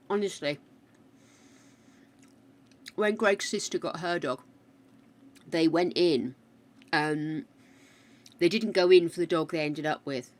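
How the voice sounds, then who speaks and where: A British woman streaming a game, rambling chattily through a story and answering her chat. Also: deep voice. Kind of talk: casual chat while gaming.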